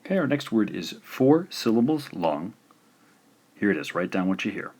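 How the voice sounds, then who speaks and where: Deep-voiced man teaching slowly. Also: sing-song, darkish tone, husky. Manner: slow, deliberate, patient, enunciating syllables. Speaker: Japanese teacher. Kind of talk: instructional explanation.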